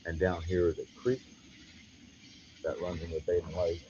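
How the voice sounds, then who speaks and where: A man's voice: low voice, flat delivery, normal speed, lo-fi sound, background noise. A man hosting a nighttime outdoor livestream, chatting to viewers in a rambling, laid-back way as he walks around a wooded camp. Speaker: paranormal livestream host. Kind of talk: casual outdoor livestream chat. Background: crickets.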